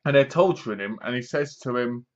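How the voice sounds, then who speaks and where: A man talks through a horror film in a loose, rambling way, full of asides. His voice sits at a middling pitch. The recording is dull and lo-fi. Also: brisk. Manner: rambling, chatty retelling with asides. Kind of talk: casual film review.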